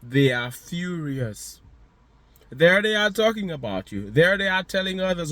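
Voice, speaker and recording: A man's voice: high-pitched, animated, moderate pace, bright, forceful tone. A man giving a motivational monologue, speaking to the listener directly with emphatic, repeated phrases.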